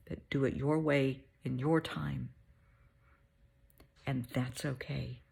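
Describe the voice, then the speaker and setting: A middle-aged woman hosting a heartfelt pep talk, soothing and motherly, sometimes dropping to a soft whisper. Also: very deep voice, steady tone, slow, vocal fry, breathy edge. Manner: soothing, motherly, calls listener honey; drops to soft whispers at times. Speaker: host.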